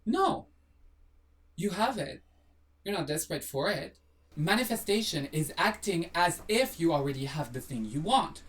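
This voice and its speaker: A blunt, sassy host talking straight to camera in a motivational monologue, firing off rhetorical questions and tossing in a casual swear. The voice sits at a middling pitch. It sounds like it was recorded a little back from the mic. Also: very animated, moderate pace, recorded from a distance. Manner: swears casually, apologizes jokingly. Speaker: manifestation video host.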